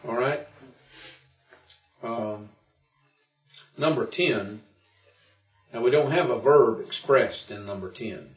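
A man's voice: medium pitch, takes it slowly, long pauses. A man teaching a Greek lesson in an informal classroom. He explains patiently as he thinks aloud, with frequent restarts. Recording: muffled and roomy, from far off.

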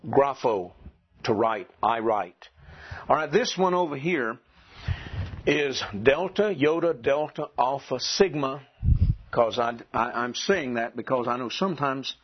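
A man teaching a classroom lesson, asking his students questions and clearing his throat now and then. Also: mid-range voice, a little slow. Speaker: Greek teacher. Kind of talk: classroom lecture. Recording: dull lo-fi classroom recording.

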